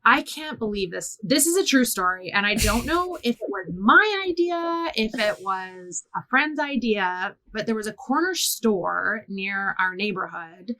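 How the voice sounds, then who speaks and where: A woman from Canada tells a funny story in relaxed chat. Her voice is bright and forward. She keeps breaking into quoted voices and gets loud on the punchlines. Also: mid-range voice, measured pace, few pauses, poor audio. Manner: animated, jumps into quoted voices. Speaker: guest storyteller. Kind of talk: casual comedic storytelling.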